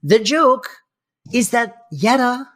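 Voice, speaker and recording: A man's voice: very high-pitched, lively intonation, slow pace. A man co-hosting a podcast in a casual chat, explaining at length with many fillers. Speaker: podcast co-host.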